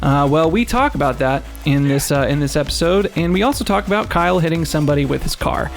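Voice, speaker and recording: A man's voice: a little high, expressive, quick pace, creaky, faint music behind. A young man hosting a casual podcast, chatty, laughing often and using lots of fillers. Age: young adult. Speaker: podcast host.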